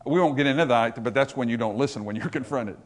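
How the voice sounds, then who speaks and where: A man's voice: medium pitch, fast. A man preaching a sermon, emphatic, rising and dropping his voice for effect. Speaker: pastor.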